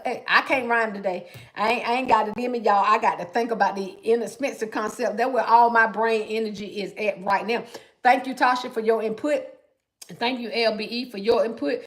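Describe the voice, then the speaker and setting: A middle-aged woman hosting a casual livestream, chatting in a folksy, talkative way and calling her viewers y'all. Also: fairly high pitch. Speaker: livestream host, gift-wrapping crafter.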